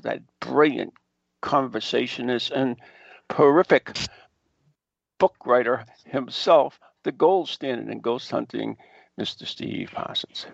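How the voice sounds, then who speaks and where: A man's voice: medium pitch, takes it slowly, creaky, no echo, dull audio. A man hosting a podcast in casual chat, teasing and playful, with a theatrical streak. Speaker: host.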